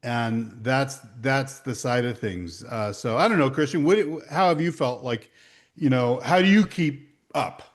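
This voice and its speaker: A man's voice: mid-range voice, unhurried. A man in his sixties, a longtime entrepreneur, speaking earnestly about his faith in conversation. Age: 60s. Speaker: veteran entrepreneur guest. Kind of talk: conversational testimony.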